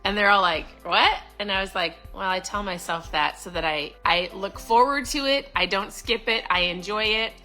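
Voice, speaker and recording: A woman's voice: medium pitch, normal speed, few pauses, pushed and bright, soft background music, poor audio. A middle-aged woman giving a casual, upbeat motivational talk to camera, chatty with lots of fillers and restarts. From Florida. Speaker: vlogger.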